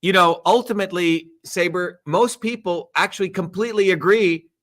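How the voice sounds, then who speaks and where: A man delivers a heated, profane livestream speech. His voice sits high and cuts with a forceful edge. He hammers his points through repetition. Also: moderate pace. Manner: emphatic, repetitive, crude and profane. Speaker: political candidate speaking on a livestream.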